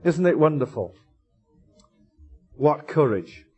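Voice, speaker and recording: A man preaches with fervor, his fairly high voice leaping upward on key words and dropping to near-murmurs on others. He drives his points home with rhetorical questions. Faint music sits quietly beneath him. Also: lively intonation, slow pace, husky. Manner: impassioned, rhetorical questions, wide swings in pitch and loudness. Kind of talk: sermon.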